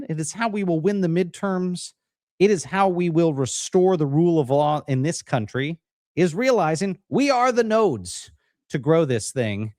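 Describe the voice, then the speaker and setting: A man co-hosting a live-streamed political talk show, talking in an energetic, upbeat way over a video call. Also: on the high side, dry recording, clean studio sound. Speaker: co-host.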